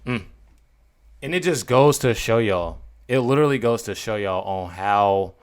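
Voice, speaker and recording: A man doing casual commentary for his vlog, rambling and repeating himself as he talks to his viewers. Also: on the low side. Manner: rambling, repetitive, addresses viewers as y'all. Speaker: political commentary vlogger.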